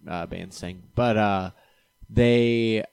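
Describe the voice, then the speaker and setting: Casual male podcast guest, lowish voice, dry close sound, easygoing and halting. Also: steady tone, creaky, darkish tone, clear, resonant tone, no echo. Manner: laid-back, halting with many fillers. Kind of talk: casual chat.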